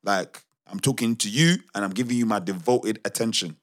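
Low-voiced man telling retail stories casually. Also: fairly quick. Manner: animated, slangy, many restarts. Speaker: podcast co-host. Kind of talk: casual storytelling chat.

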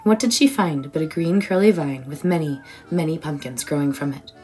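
A woman reading a children's bedtime story aloud in a warm, expressive way. Her voice sits fairly low, and soft music plays quietly behind her. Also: moderate pace, rough recording.

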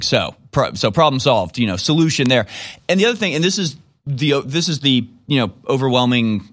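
A man's voice: medium pitch, expressive, normal speed, a bit bright, dry recording, studio quality. A man giving casual, sarcastic political commentary, rambling and repeating himself as he reacts to a replayed clip.

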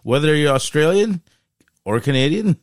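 A man co-hosting a podcast in casual chat, halting and full of fillers, laughing often. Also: a little high, lively intonation, no room sound, clean studio sound. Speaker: podcast co-host.

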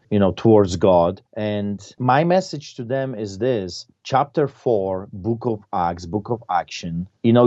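A man's voice: fairly low pitch, warm tone, breathy edge, lo-fi sound. A male pastor speaking in an interview, impassioned and emphatic, repeating phrases for force. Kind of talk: fiery preaching in an interview.

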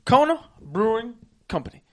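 A man co-hosting a casual beer-tasting podcast, loud and joking with profane banter. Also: very high-pitched, sing-song, moderate pace, a crowd in the background. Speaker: podcast co-host.

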